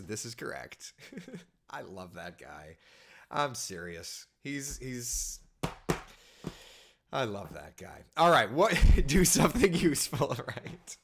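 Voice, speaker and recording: A man's voice: medium pitch, slow pace, gravelly, slight background noise. A man hosting a casual live morning weather chat, joking and telling stories. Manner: chatty, jokey, lively storytelling. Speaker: TV meteorologist host.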